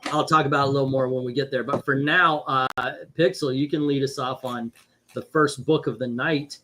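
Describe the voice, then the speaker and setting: A man's voice: mid-range voice, steady tone, a little fast, bright, forceful tone, a little hiss or hum. Joking middle-aged male podcast host. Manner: joking, rambling, self-interrupting. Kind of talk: casual podcast chat. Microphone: video call.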